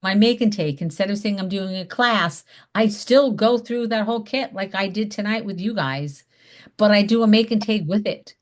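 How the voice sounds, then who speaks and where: Woman, video call, chatty, emphatic, teaching tone, mid pitch. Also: moderate pace. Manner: chatty, emphatic, acts out upbeat phone invitations. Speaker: direct sales mentor. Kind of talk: zoom class teaching.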